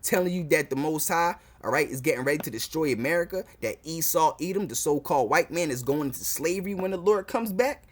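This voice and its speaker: A man's voice: a little high, animated, fast talker, hardly any pauses. A man preaching fervently to camera as a street preacher, repeating phrases and stumbling into restarts. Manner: fervent, repetitive, full of "man" and "all right" fillers.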